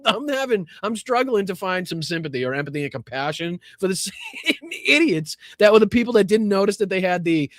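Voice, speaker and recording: Guy ranting on his politics stream, kinda high voice, swears a lot, laughs at stuff, dry close sound. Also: fairly bright tone, no echo. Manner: sarcastic, scornful, laughs often. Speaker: political commentary host. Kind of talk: profane livestream commentary.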